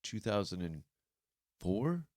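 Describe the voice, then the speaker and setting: A middle-aged man from Canada, a comedian guest on a podcast, talking bluntly and crudely with halting fillers when he thinks. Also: fairly low pitch, very animated, a little mellow, no room sound, studio quality. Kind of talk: casual chat.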